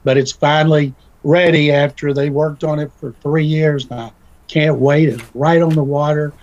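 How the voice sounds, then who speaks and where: A man's voice: fairly high pitch, steady tone, moderate pace, a little mellow, muffled recording. A man talking casually as a guest commentator, folksy and telling stories with little acted-out voices. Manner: folksy, acts out quoted voices in his story. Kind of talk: casual radio talk.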